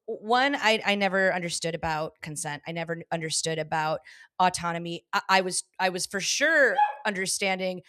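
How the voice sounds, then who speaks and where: A woman's voice: lowish voice, moderate pace, bright, forceful tone. A woman with a Southern California Valley girl accent, a comedian guest on a podcast, talking candidly and animatedly with frequent laughs and restarted sentences. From Los Angeles. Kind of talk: casual podcast chat.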